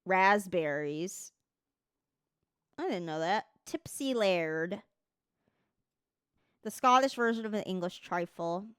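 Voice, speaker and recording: A woman's voice: mid-range voice, animated, takes it slowly, pauses often, fairly bright tone, clear, resonant tone, dry recording, clean studio sound. A woman streamer chatting casually on a livestream, reading text aloud, swearing freely and stumbling over words as she reads.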